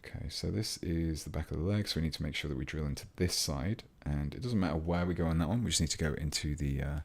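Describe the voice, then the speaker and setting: An English man with a very low voice chats through a livestream at his workbench. He rambles easily as he works, breaking off to greet viewers and answer their comments. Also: quick pace, creaky. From England. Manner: chatty, rambling, reads chat aloud mid-task. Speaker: hobby livestream host. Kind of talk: casual livestream chat while building models.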